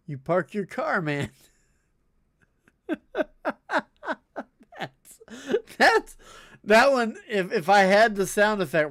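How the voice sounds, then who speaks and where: A man streaming a game, casually reading corny jokes aloud and breaking into high, tearful laughter at them. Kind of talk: casual live-stream chat.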